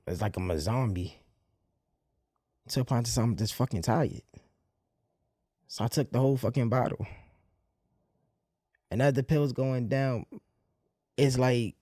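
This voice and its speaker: A man telling a painful personal story in a candid monologue, using blunt street slang and swearing, with halting restarts when the memories get heavy. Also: medium pitch, warm tone, dry recording, studio quality. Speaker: podcast host.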